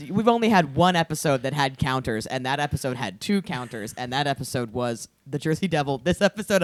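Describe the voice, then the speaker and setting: A woman co-hosting a podcast in casual chat, excitable and laughing often as she spins theories out loud. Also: sits low, no room sound, clean studio sound. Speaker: podcast co-host.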